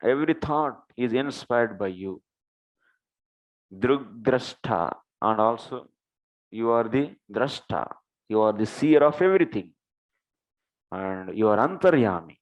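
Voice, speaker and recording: Man, scripture lecturer, recites Sanskrit then explains, slow unhurried delivery. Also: medium pitch, lively intonation, dull audio. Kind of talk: scripture class with Sanskrit verses.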